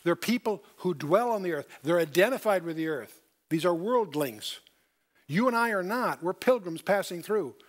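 Older man, bible teacher, high voice, emphatic, questions the audience. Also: expressive, moderate pace. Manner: emphatic, repeats key points, asks the audience questions.

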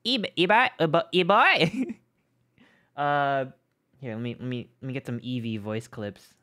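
A man's voice: mid-range voice, a little slow, sharp tone, no room sound, clean studio sound. A man streaming a game live, chatting playfully, teasing viewers and greeting them by name from a home setup. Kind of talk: casual live-stream chat.

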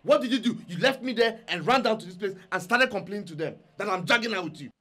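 A man's voice: high voice, animated, fast talker, fairly bright tone. An actor playing a younger brother who firmly insists on marrying the woman he loves. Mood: defiant. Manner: firm, resolute.

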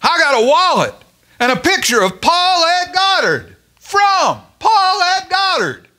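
A man doing a shrill squeaky young sailor. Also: very animated, slow pace, bright, forceful tone, heavily acted. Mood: excited.

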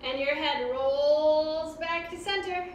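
A woman teaches a guided yoga class for kids in a cheerful, encouraging sing-song. Her voice sits high and she takes it slowly; there's a little hiss or hum, plus a roomy echo from a distance.

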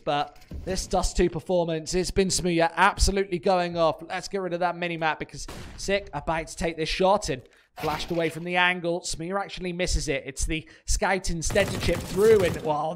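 A man commentating an esports match on a live stream, brisk and chatty, talking to viewers between plays. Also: high voice, slight background noise.

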